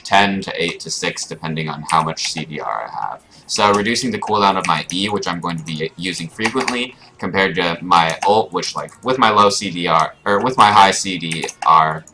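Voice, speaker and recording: A young man with a low-pitched voice streams his own gameplay, giving casual live commentary and explaining his choices with lots of fillers. There's background noise, including keyboard clicks and typing.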